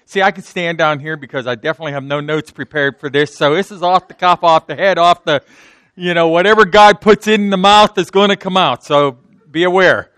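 A man's voice: on the high side, moderate pace, a bit bright, no echo, clean studio sound. A man with a slight sore throat, preaching an unscripted sermon in church, often repeating words and restarting sentences. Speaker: pastor. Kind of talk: off-the-cuff sermon.

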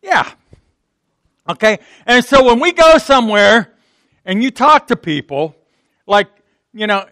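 A Pittsburgh-accented man preaches a sermon in a folksy, conversational way. His voice sits high and bright. The sound is close and dry. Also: big pitch swings, measured pace, pauses often, no room sound. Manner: conversational, folksy, acts out quotes. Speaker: pastor.

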